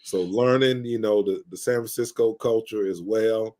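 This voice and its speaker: A man's voice: fairly low pitch, moderate pace, dark tone. A man from North Carolina, a guest on a live stream, reminiscing in casual conversation with lots of fillers. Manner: reminiscing, rambling with many fillers. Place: live stream video call.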